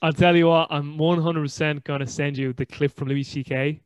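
A man hosts a relaxed podcast chat, telling stories in a rambling way and restarting sentences often. His voice is smooth and resonant, with a fairly even pitch. The sound is dry and close. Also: moderate pace, no room sound. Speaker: podcast host. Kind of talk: casual podcast conversation.

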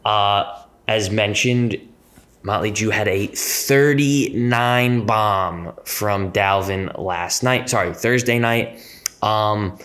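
A man co-hosting a fantasy football podcast, making predictions in a relaxed, joking way with hesitant fillers. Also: on the low side, slow. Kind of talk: casual sports chat.

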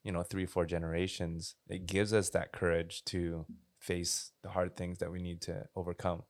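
A man co-hosting a casual podcast chat, calm and reflective. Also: low-pitched, normal speed. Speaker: podcast co-host.

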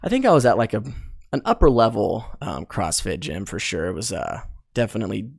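A man's voice: lowish voice, sing-song, a little fast, creaky, slightly rough, no echo, clean studio sound. Rambling young man hosting a podcast. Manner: rambling, loose, with many ums and likes. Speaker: podcast host. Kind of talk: casual solo podcast monologue.

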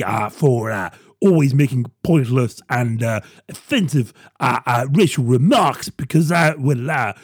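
A man's voice: mid-range voice, husky, dry recording, clean studio sound, voice pushed down. A man doing a dithering posh old politician. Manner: stammering with constant drawn-out ums and ahs. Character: bumbling posh older male politician, dithering.

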